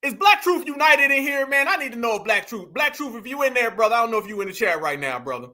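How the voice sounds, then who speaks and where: A man's voice: very high-pitched, sing-song, fast talker, sharp tone. A man hosting a casual reaction commentary, mocking and laughing as he talks to viewers he calls family. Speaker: commentary show host.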